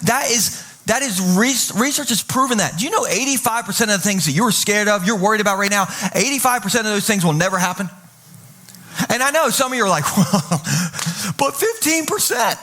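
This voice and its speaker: A man's voice: high-pitched, fast, bright, forceful tone. A man preaching as pastor, telling funny stories and acting out the quoted voices with lots of animation. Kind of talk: humorous sermon storytelling. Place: church stage.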